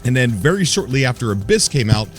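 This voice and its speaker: A man's voice: medium pitch, sing-song, fast talker, faint music behind. A young man hosting his own gaming channel, talking casually and cheerfully to viewers with a grin in his voice and frequent fillers. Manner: upbeat, smiling, rambling with fillers. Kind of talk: casual solo video commentary.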